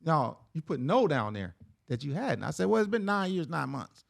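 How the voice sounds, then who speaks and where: A man, a podcast guest, telling a personal story in a relaxed, conversational way and tagging "man" and "right?" onto his lines. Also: fairly high pitch, moderate pace, gravelly, dry recording, clean studio sound. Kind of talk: casual storytelling.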